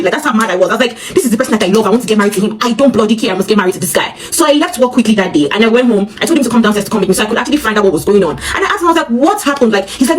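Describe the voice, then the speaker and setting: A Nigerian woman tells her own story at a breathless clip. She keeps slipping into quoted dialogue from the people in it. Her voice sits at an ordinary middle pitch. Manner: rapid, animated retelling with quoted dialogue. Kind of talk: personal storytime.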